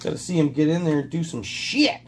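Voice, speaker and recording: A man's voice: fairly high pitch, lively intonation, a little fast, a little hiss or hum. A man hosting a casual card-opening vlog, agitated and rambling, swearing constantly. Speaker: sports card collector vlogger.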